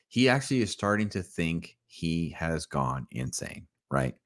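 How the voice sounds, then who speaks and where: A man with a deep, low voice hosts a casual, enthusiastic cartoon review. He talks straight to the listener and keeps checking in as he goes. The sound is dry and close, with no room around it. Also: very animated, normal speed, dry recording. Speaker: host.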